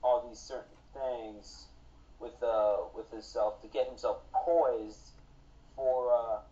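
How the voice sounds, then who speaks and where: A man chatting as a podcast guest, with swagger and street slang. His voice is mellow and dark. The audio is dull and lo-fi, like a call. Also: medium pitch, steady tone, slow. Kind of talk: casual podcast chat.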